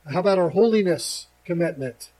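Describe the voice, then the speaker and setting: Mellow-voiced preacher man, slow scripture reading. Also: sits high, lively intonation, poor audio. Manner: reads scripture slowly, then explains in plain conversational asides. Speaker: pastor. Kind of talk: sermon.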